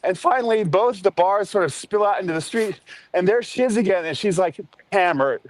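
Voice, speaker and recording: A man telling a story in a casual, animated way, with plenty of swearing. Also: high voice, rough recording. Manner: animated, profane, quick asides. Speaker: storyteller on a live stream.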